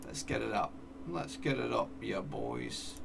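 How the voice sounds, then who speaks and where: Man, gravelly voice, excitable game commentary, slightly distant mic, faint background noise. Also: fairly low pitch, unhurried. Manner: excitable, cheers at goals, talks to his players. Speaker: gaming YouTuber. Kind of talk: live commentary over a football management game.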